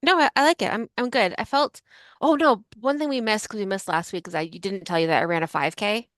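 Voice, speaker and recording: A woman's voice: mid-range voice, fairly bright tone, no room sound. A woman in her forties co-hosting a podcast, telling rambling stories in casual chat. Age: 40s. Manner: fast, rambling storyteller. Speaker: podcast co-host. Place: Yucca Valley.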